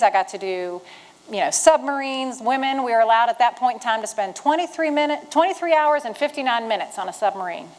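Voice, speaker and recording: A retired Marine, a Virginia woman in her fifties, recounts her life to veterans gathered in an event room, animatedly acting out the voices of people she quotes. Her voice is slightly high for a woman and has a motivational-speech energy. The audio quality is poor.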